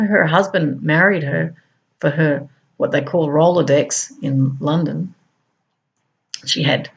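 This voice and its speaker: A middle-aged Australian woman with an Australian accent, speaking earnestly in an unhurried, reflective personal monologue. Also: sits low, slightly rough. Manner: earnest, unhurried, with frequent laughs. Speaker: speaker on a talk show.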